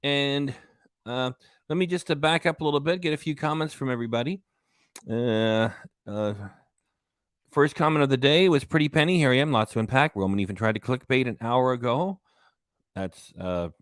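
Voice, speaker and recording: A man's voice: medium pitch, a bit bright, no echo. Man, livestream host, rambling, lots of uhs, reads out comments, dry close sound. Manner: rambling, many uhs and restarts, reading out commenters.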